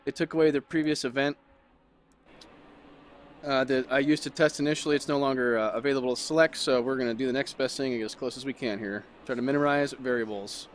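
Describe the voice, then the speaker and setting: A middle-aged man giving casual, excitable commentary as he drives a racing simulator, talking in bursts with lots of fillers. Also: medium pitch, quick pace, slight background noise. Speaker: sim racing YouTuber. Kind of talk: casual commentary while driving.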